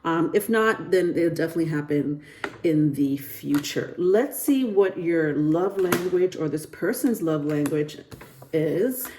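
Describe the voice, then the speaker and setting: A woman's voice: sits low, lively intonation, unhurried, dark tone, a little hiss or hum. A woman giving a casual tarot reading to camera, chatty and rambling with lots of fillers and restarts, often breaking into giggles. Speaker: tarot reader.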